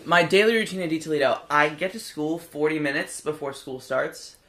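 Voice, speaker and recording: A man's voice: on the high side, a little fast, crowd noise. A teenage boy guest on a friends' podcast, describing things in a matter-of-fact, slightly hesitant way. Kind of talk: casual chat. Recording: roomy home recording.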